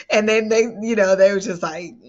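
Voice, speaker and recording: Animated woman parenting coach, muffled sound. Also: medium pitch. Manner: animated, expressive storyteller. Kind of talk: personal storytelling to camera.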